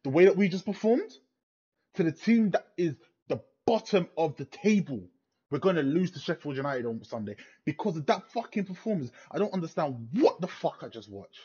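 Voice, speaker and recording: A young man vents his fury after a football match, swearing and circling back to the same questions. His voice sits a little high and husky. The sound is dull and lo-fi, like a cheap home mic. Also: lively intonation, fairly quick, darkish tone. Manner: furious, swearing heavily, repeating himself. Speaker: football fan vlogger. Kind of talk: angry post-match rant.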